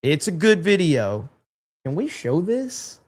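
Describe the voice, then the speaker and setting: Male stream host, loose and rambling, reads chat aloud, slightly high voice. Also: very animated, takes it slowly. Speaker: livestream host. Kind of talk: casual live stream chat.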